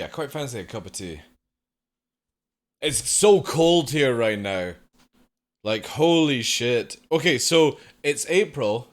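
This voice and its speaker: A man streaming live from home, chatting casually with viewers and swearing now and then. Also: mid-range voice.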